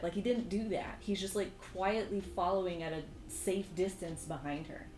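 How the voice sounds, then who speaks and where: A young woman vlogger chatting casually while she draws, telling a story in an animated, exasperated way with sudden jumps in pitch. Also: normal speed, few pauses, reverberant, slight background noise, rough recording. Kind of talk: casual chat while drawing.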